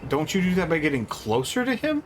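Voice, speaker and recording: A man's voice: fairly high pitch, huge pitch swings, a little fast. A man watching a video game being played, giving wry, teasing commentary in a casual chat. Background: game music.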